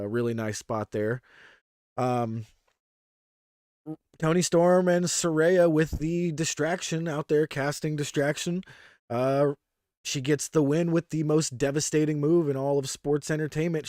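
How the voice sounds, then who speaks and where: A man co-hosting a podcast, giving an excited, slangy play-by-play recap in casual chat. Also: fairly high pitch, dry recording, clean studio sound. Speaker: podcast co-host. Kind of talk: casual wrestling review chat.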